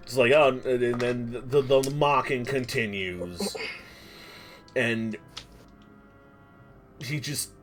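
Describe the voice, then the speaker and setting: Speaking slowly at a medium pitch, with long pauses and faint music behind him, a man acts as game master for a tabletop game. His narration is theatrical and descriptive, he prompts players to roll, and he restarts his lines frequently.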